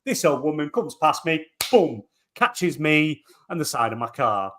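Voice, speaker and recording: A man on a gaming podcast, telling animated, swear-laden stories and acting out the quotes. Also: on the high side, a little slow, slight background noise. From England. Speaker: podcast panelist. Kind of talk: casual chat.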